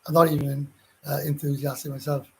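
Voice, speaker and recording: A Welsh man with a gruff voice, hosting a casual live chat and answering viewer comments in a rambling, blunt way with frequent swearing. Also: a little high, level tone, a little fast, mellow, rough recording. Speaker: livestream host.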